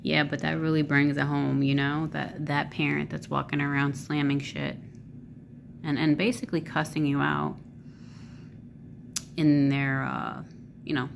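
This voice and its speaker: A woman with a low, gravelly voice speaks casually to her camera. She rambles, fills gaps with ums and likes, and swears freely. A faint hiss sits behind her. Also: little pitch movement, unhurried, pauses often. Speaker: vlogger.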